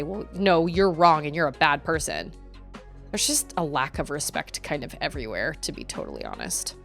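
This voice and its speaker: Chatty woman streamer, full of "like". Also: low voice. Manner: chatty, frequent "like" fillers, animated retelling. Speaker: live streamer. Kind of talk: casual live-stream chat while gaming.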